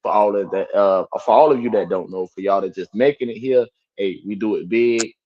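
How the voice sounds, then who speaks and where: A man's voice: fairly low pitch, brisk, highs cut off, slight background noise. A man hosting a casual live-stream talk show in a laid-back way, repeating his phrases. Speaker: podcast host.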